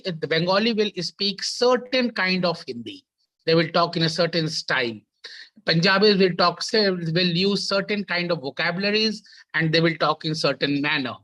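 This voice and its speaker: A man gives an academic talk as a conference panelist over a video call, halting often and repeating words as he restarts his sentences. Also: sits high, bright, forceful tone, rough recording. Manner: halting, with frequent repetitions and restarts.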